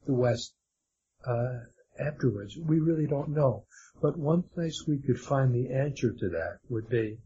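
A man's voice: mid-range voice, mellow. A man answering as the guest of an interview, hesitant and stumbling through his answers with many fillers. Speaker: guest author. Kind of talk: conversational interview. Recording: dull lo-fi sound with faint noise.

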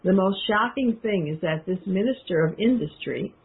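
Through tinny, phone-like audio, a woman with a mid-range, animated voice and a breathy edge reads from a book at normal speed. Between passages she speaks directly to listeners, commenting casually and using lots of fillers.

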